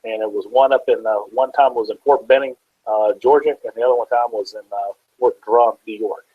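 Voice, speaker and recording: A man's voice: mid-range voice, steady tone, brisk, slightly rough, no echo, phone-quality sound. A man guest in a casual interview, telling easygoing, joking stories.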